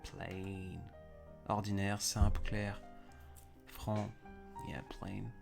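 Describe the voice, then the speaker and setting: Speaking very slowly over music, this man has a lowish voice with vocal fry and little rise or fall in pitch. He's a French-speaking livestream host who rambles through casual chat and viewer comments, often restarting his sentences.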